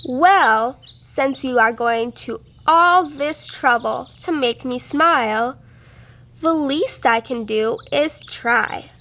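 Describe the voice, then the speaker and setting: A sad, grumpy great-grandfather from a storybook, grumbling in slow, drawn-out words, voiced by a woman reading aloud. The voice sits fairly high and has a gravelly edge. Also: pushed and bright, exaggerated voice. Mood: resigned.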